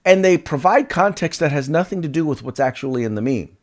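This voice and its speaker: A man co-hosting a casual political talk show, indignant and animated, often repeating words as he builds a point. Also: a little high, a little fast. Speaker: co-host.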